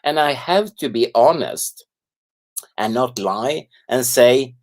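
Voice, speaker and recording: A man's voice: medium pitch, slow pace. An older man from Sweden, a native Swedish speaker, speaking English as an interview guest and telling stories earnestly. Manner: earnest, animated when quoting others. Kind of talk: storytelling in an interview.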